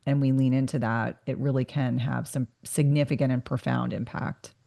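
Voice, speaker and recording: A woman's voice: very deep voice, fairly even intonation, moderate pace, vocal fry, dark tone. A middle-aged woman hosts a podcast conversation. She is earnest and reflective and sometimes circles back over her own words as she thinks aloud. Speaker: podcast host. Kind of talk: casual interview conversation.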